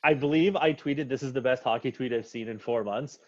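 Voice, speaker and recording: A man's voice: medium pitch, fairly quick, darkish tone, dry recording, dull audio. A man talking as a guest on a sports podcast, blunt and opinionated, swearing casually.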